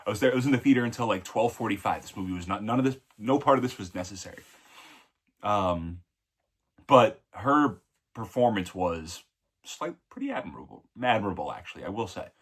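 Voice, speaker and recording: A man's voice: lowish voice, lively intonation, fairly quick, husky. Rambling, opinionated man reviewing a film. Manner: rambling, keeps correcting himself mid-sentence; blunt and opinionated. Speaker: movie reviewer. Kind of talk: casual spoken film review.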